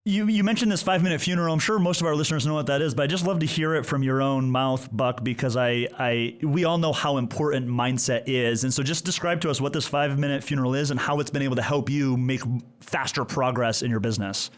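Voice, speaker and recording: A man's voice: mid-range voice, quick pace. A man hosting a podcast, asking his guest questions in an eager, encouraging way. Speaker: podcast host.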